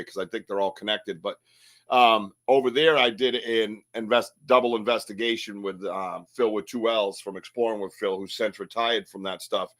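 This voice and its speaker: A man hosting a podcast, chatting casually and excitedly, laughing often and acting out what people said. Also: mid-range voice. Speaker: podcast host. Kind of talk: casual chat.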